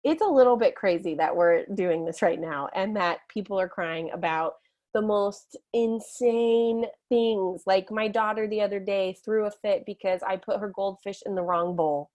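With a mid-range, darkish voice at normal speed and lo-fi sound, a woman in her thirties shares stories as a guest. She's animated, laughing and acting out what people said.

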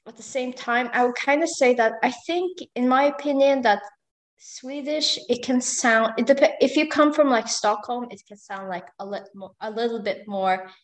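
A woman's voice: a little high, steady tone, moderate pace. A young woman from Norway, chatting casually as a guest, hesitant, with many fillers and small laughs. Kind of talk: casual conversation.

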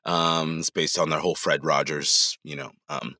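A man, a voice actor guest, chatting casually on a podcast, animated and laughing often. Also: a bass voice, normal speed, no room sound, clean studio sound.

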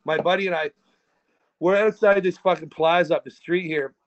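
A podcast co-host with a voice on the high side tells rambling, profane stories in a casual chat, keeping a steady tone and moderate pace. He restarts often, and the sound is lo-fi.

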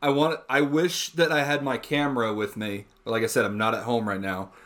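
A man's voice: medium pitch, level tone, a little fast, fairly bright tone. A young man co-hosting a casual podcast chat who slips into a polite, scripted customer service voice. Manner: polite scripted phone-agent tone. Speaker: podcast co-host.

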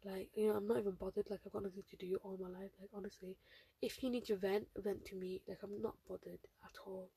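A teenage girl hosts her own podcast, rambling along with plenty of fillers. Her voice is husky and mellow, with little rise and fall. She sounds close to the mic, dry and unroomy. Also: mid-range voice, flat delivery, fast, no echo. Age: teens. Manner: rambling, filler-heavy, chatty. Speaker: podcast host. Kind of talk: casual solo podcast chat.

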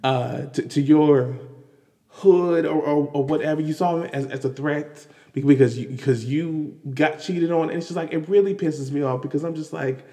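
Man, exasperated vlog commentator, slightly raised pitch, reverberant room. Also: moderate pace. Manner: animated, exasperated, many restarts and fillers. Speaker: commentary vlogger. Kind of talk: casual news commentary. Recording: long hall reverb.

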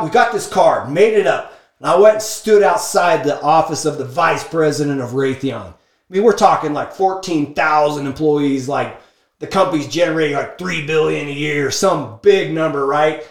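A man telling a business story in an energetic, emphatic monologue, peppering his talk with "like" and "okay?". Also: on the high side, moderate pace. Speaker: speaker sharing business lessons from a book. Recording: echoey room.

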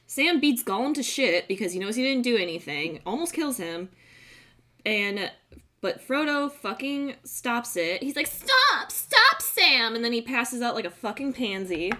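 A woman's voice: on the high side, animated, moderate pace, a bit bright. A young adult woman hosting a casual chat, retelling a film scene by scene in a profane, giggly way. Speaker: podcast host recapping a film.

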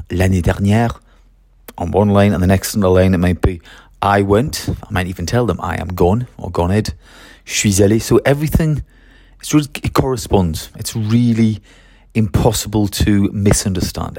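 A man's voice: lowish voice, moderate pace, a little mellow, no room sound, studio quality. A man who teaches French, talking through his methods in a chatty solo podcast, with fillers and restarts.

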